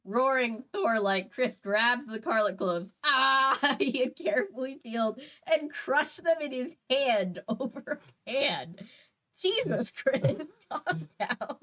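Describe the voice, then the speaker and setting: A woman's voice: high-pitched, animated, slow, fairly bright tone, poor audio. Woman reading fan fiction aloud, playful. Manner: playful, laughing, stumbles and adds asides while reading. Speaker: host.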